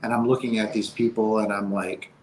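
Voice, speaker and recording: A low-voiced man speaks as an interview guest, giving personal testimony. His delivery is earnest and halting, with emotion close to the surface. A faint hiss sits under his voice. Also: little pitch movement, low-quality recording.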